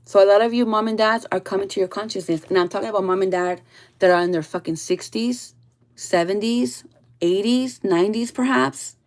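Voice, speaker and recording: A woman giving a casual spiritual reading to her viewers, blunt and full of swearing, often trailing off soft and low. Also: fairly quick. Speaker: tarot reader.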